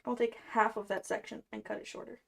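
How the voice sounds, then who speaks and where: A young woman talking to her livestream while she works on a craft at home. Her voice sits a little high, and she rambles in a chatty, playful, self-mocking way. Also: level tone, quick pace, vocal fry, fairly bright tone. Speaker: cosplay streamer.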